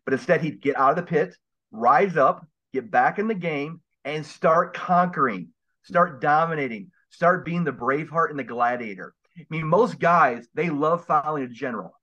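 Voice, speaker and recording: Emphatic preachy male guest, slightly high voice, dull lo-fi recording. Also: normal speed, bright, forceful tone. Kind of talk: casual podcast interview. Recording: dull lo-fi sound.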